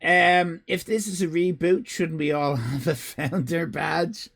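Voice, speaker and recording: A man's voice: fairly high pitch, steady tone, measured pace, gravelly, fairly bright tone. A man hosting a live stream, rambling in casual chat, swearing and breaking off mid-sentence at home. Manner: rambling, swearing, self-interrupting. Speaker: livestream host. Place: home room with cats.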